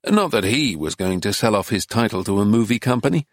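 A man reading an audiobook in a measured, understated, dry manner. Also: fairly low pitch, lively intonation, no echo. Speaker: narrator. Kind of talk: scripted audiobook narration.

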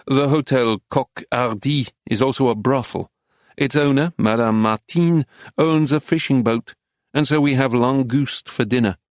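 An Englishman reading a travel memoir aloud in a measured, wry, literary manner. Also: medium pitch, no room sound, clean studio sound. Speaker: narrator.

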